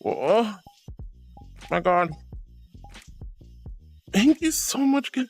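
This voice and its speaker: A woman's voice: fairly high pitch, very slow, long pauses, faint music behind. A woman live streamer chatting with her viewers, gushing, flustered and laughing often as she thanks them.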